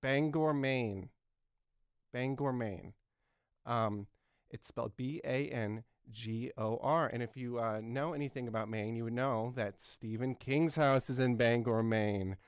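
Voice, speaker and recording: A man's voice: mid-range voice, a little slow, clean tone, dry recording, clean studio sound, close to an everyday voice. A man in his twenties playing an earnest, clueless talk show host who rambles and fills his talk with ums and uhs. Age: 20s. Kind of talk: satirical talk show comedy.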